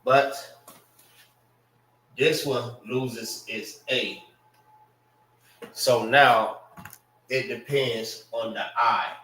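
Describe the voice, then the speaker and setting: A man teaching a language class, slowly spelling out and repeating words for his students. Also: mid-range voice, steady tone, bright, forceful tone. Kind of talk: classroom lesson on pronunciation. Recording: echoey room, mic far off.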